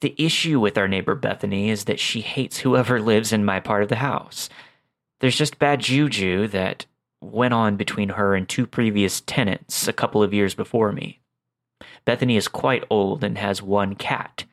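Male narrator, low gravelly voice, calm scripted horror storytelling. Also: normal speed.

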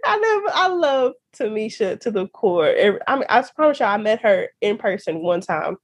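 A woman in her thirties hosting a faith podcast, talking in an animated, casual way and laughing often. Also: mid-range voice, a little fast, slightly rough. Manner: animated, laughs often, uses y'all and girl. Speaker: podcast host. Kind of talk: casual chat.

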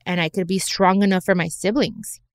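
A woman's voice: on the low side, fairly even intonation, normal speed, no echo. A woman hosting her own podcast, talking in an earnest, reflective way and slipping in Spanish phrases now and then. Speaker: podcast host. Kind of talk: heartfelt personal podcast talk.

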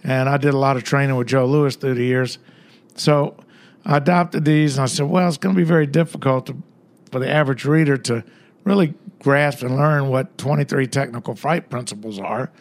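A man's voice: mid-range voice, a little fast. An older man, a guest author, telling stories in a rambling, conversational way with many fillers. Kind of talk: casual storytelling interview.

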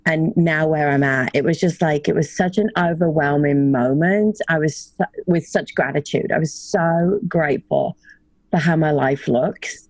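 Low-voiced English-American woman guest. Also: unhurried, dry recording. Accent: English mixed with Midwestern American. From England, near Birmingham. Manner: warm storytelling, many fillers like "you know". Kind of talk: casual interview chat.

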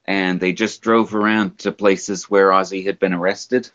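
A man's voice: low voice, level tone, fairly bright tone. Storytelling man with dull lo-fi sound. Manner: storytelling, drawn-out. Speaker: podcast host. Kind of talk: casual chat.

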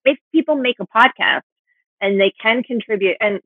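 Animated woman on a tinny phone line. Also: on the high side, moderate pace, dry recording. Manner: animated, rambling, self-deprecating. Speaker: author and podcast guest. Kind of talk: casual chat.

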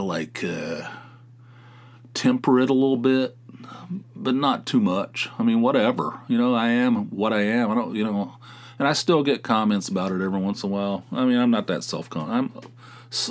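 Male podcast host, mild West Virginia accent, loose profane storyteller. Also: on the low side. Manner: rambling, profane, wry. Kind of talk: casual monologue.

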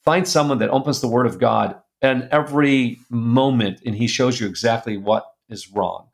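A middle-aged man telling a personal story as a guest, earnest and confessional, going soft and quiet at the painful parts. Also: medium pitch, moderate pace, creaky. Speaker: guest speaker.

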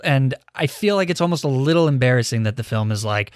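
A man's voice: mid-range voice, animated, quick pace, few pauses, no echo, studio quality. A young man hosting a casual film review podcast, leading the talk and asking his co-hosts questions, candid and swearing now and then. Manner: leads the discussion, poses questions. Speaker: podcast host.

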